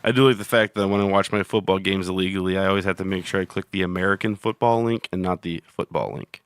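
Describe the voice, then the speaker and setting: A man's voice: deep voice, fairly even intonation, quick pace, clear, resonant tone. Casual, profane male podcast co-host. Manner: rambling, profane, laughs easily. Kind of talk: casual chat.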